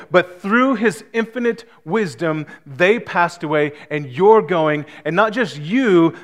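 Male pastor, fairly high voice, emphatic sermon delivery with building intensity. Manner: emphatic preaching with rising and falling intensity. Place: small church hall.

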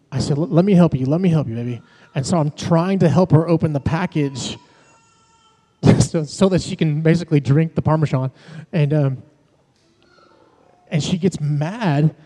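Male pastor, conversational sermon, dark mellow voice, long reverb of a church hall. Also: on the high side. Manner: conversational preaching with personal stories. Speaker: pastor and worship leader. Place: church sanctuary.

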